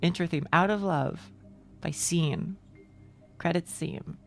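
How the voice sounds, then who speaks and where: A young woman live-streams a game in a low, gravelly voice. She talks to her chat in a loose, excited ramble, swearing freely. Faint game music plays behind her. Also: slow pace.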